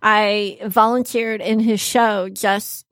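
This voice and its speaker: A woman of middle pitch talks about her work as a fashion designer, chatty and storytelling, turning animated whenever she quotes someone. Her voice is dry and close, with no room sound around it. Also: slow, no room sound. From Michigan. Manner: chatty storytelling, animated when quoting people. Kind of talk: casual podcast interview.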